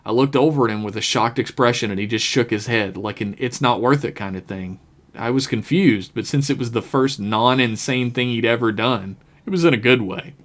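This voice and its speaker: Man narrating a comic story, deadpan. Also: mid-range voice, fairly quick. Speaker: podcast storyteller.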